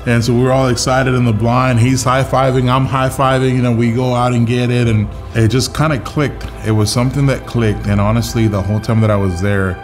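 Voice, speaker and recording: A man's voice: mid-range voice, level tone, fairly quick, hardly any pauses. A young man casually telling a personal story in a documentary, full of filler words and acted-out quotes. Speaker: interviewee telling his story. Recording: music playing underneath.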